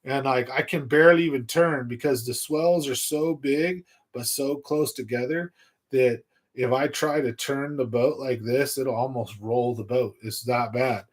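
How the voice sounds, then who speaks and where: A man's voice: mid-range voice, measured pace. A young man hosting a fishing livestream, telling a story in a casual, slangy way and acting out his own thoughts. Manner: animated storyteller, slangy, acts out his own inner voice loudly. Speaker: fishing channel host. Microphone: livestream computer mic.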